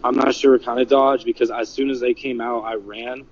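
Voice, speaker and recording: A man telling what he witnessed in a casual livestream, halting and full of "like" and "you know". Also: mid-range voice, flat delivery, highs cut off. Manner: halting, filler-heavy, many "like" and "you know". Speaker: eyewitness recounting an event. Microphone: phone.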